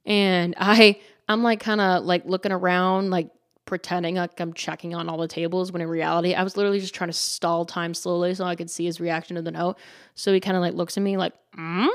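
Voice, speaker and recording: A woman's voice: on the low side, a little fast, no room sound, studio quality. A woman hosting her own podcast, telling a story in a chatty, giggly way with lots of "like" fillers and playful quoted voices. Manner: dramatizes with lively quoted voices. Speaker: podcast host. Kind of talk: casual storytelling.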